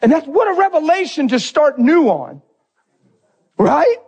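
A man preaching a sermon, telling a personal story with deep emotion and speaking unrehearsed, calling out to his congregation. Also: sing-song, unhurried, darkish tone. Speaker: pastor.

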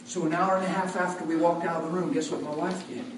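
A man preaching a sermon as an animated storyteller, swinging between loud bursts and hushed asides. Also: on the high side, fast, crowd noise. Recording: echoey hall from far off.

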